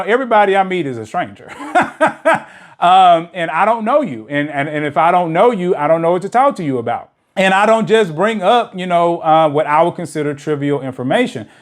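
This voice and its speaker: A man hosting a dating channel, talking in a loose, rambling way and packing his speech with "you know" fillers. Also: a little high. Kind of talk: casual monologue to camera. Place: lives in a big city.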